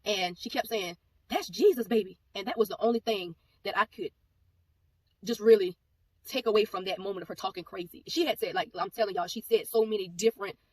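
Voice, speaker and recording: A woman giving a personal testimony, telling the story in a rapid, animated way and acting out the back-and-forth of the exchange. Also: medium pitch, no room sound. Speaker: ministry speaker giving a testimony. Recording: voice a bit far from mic, faint background noise.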